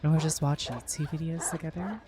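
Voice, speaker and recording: A game streamer chatting casually while playing, in a soft, hushed, ASMR-like voice, relaxed and rambling, laughing easily. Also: medium pitch, fairly quick, noisy background. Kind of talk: casual live gameplay chat.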